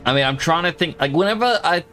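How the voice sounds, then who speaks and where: A man's voice: a little high, expressive, fast, pushed and bright, faint music behind. A man with an Australian accent giving casual, joking commentary while streaming a game. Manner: chatty, joking, thinks aloud.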